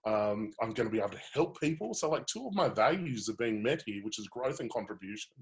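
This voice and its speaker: A man, a coach telling his personal story in a webinar, candid and animated, with many fillers. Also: lowish voice, fast talker.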